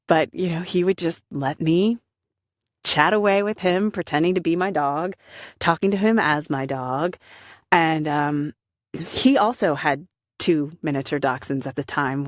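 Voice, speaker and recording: A woman's voice: low voice, no echo, clean studio sound. A woman in her thirties, a voice actor, telling a personal anecdote in a chatty, self-deprecating way.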